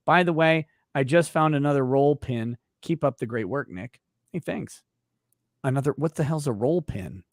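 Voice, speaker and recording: A man's voice: mid-range voice, animated, normal speed, no room sound, clean studio sound. A man hosting a livestream, casually reading viewer comments aloud with wry asides. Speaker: host.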